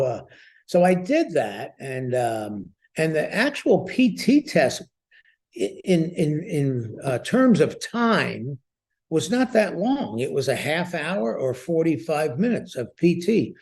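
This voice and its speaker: Older American man telling war stories. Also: fairly high pitch. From United States. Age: 70s. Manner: lively, chuckling storyteller who repeats words as he goes. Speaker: interview guest, veteran. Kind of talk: storytelling interview.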